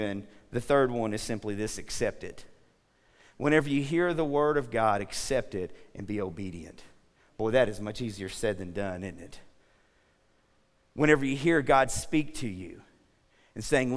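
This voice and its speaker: A man preaching as pastor in a church sanctuary uses a medium-pitched voice at a moderate pace. He tells lively stories and poses questions to the congregation, with a long hall reverb on the recording.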